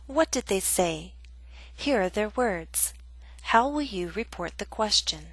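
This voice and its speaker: A woman narrates an English grammar lesson in a measured, carefully enunciated way. Her voice sits at a medium pitch and sounds dry and close, with no room echo. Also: expressive. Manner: slow, deliberate, clearly enunciated. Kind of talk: scripted instructional narration.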